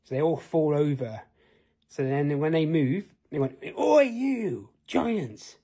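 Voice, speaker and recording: A man's voice: on the high side, steady tone, normal speed, mellow. A man telling an improvised fantasy tale in a rambling way, asking the listener questions. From United Kingdom. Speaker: storyteller.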